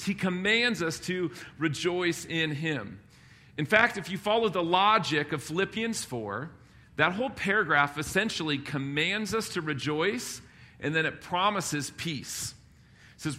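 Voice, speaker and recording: Bright-voiced man preaching a lively sermon. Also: sits high. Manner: lively, humorous, emphatic preaching. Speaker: pastor.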